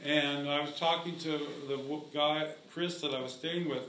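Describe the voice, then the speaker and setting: A man speaking at a community meeting, steady and explanatory. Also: a little high, normal speed, slight background noise. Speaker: housing activist. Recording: echoey room.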